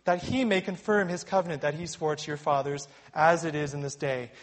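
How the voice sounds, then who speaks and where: Male preacher, slightly high voice, forceful sermon delivery with big dynamic swings. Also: steady tone, a little fast, hardly any pauses. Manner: emphatic preaching, swelling loud on warnings and quotes.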